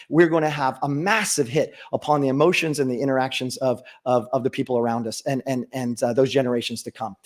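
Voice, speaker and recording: Earnest man giving a conference talk. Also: on the high side. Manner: earnest, many restarts and fillers. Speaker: conference speaker. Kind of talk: conference talk with personal story.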